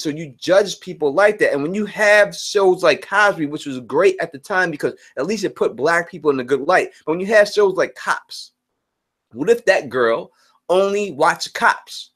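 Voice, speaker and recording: A man with a slightly higher voice hosts a live stream, talking earnestly and casually. He circles back over his points and restarts sentences as he works through what he means. His tone is conversational and direct. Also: normal speed, fairly bright tone. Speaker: channel host.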